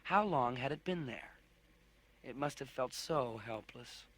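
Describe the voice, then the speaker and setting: A man narrating a children's science fiction audiobook in an expressive storytelling manner. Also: mid-range voice, measured pace. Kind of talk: audiobook narration with character voices.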